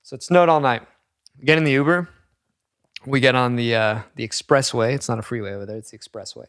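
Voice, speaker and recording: A man's voice: medium pitch, brisk, clear, resonant tone, no room sound, clean studio sound. A man co-hosting a casual podcast, telling a story with lots of swearing and acted-out quotes. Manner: animated storyteller, swears a lot, acts out quotes. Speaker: podcast co-host.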